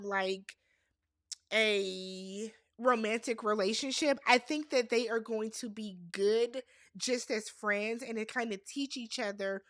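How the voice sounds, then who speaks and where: A woman giving casual, sassy commentary as she recaps a reality show, with animated reactions and slang asides. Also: medium pitch, no echo, studio quality.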